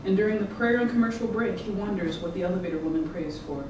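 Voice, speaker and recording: An author giving a measured, rhythmic public reading of their own fiction. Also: mid-range voice, fairly even intonation. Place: event room. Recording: echoey room, distant mic, background noise.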